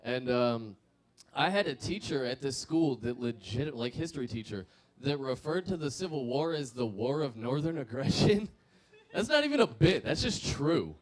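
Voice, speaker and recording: A man's voice: medium pitch, big pitch swings, moderate pace. A young man from Savannah, Georgia, doing a rambling, self-deprecating stand-up set on a comedy club stage into a handheld mic.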